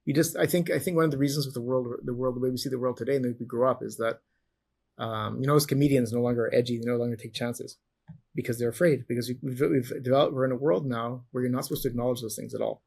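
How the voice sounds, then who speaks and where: A man's voice: medium pitch, steady tone, fast talker, gravelly, darkish tone, husky. A middle-aged man, a guest in an interview, telling long stories with many restarts and self-corrections. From Canada. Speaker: guest, former champion wrestler. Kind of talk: storytelling interview answers.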